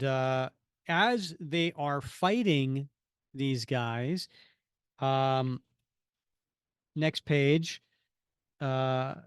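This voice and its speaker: A man co-hosting a podcast, giving a rambling, animated recap of a comic with lots of fillers. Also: mid-range voice, clean tone, no echo, studio quality. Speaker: podcast co-host. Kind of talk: casual comic-book chat.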